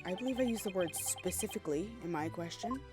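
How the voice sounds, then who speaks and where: A woman's voice: on the low side, quick pace, music in the background, lightly acted. Woman reading a sarcastic male defense lawyer. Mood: wry. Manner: deadpan, wry.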